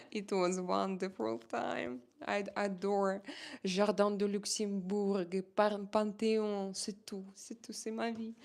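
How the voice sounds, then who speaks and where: A woman with a Russian accent chatting casually on a live stream and answering her chat, halting now and then as she searches for English words and slips into French. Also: mid-range voice, vocal fry, a little mellow.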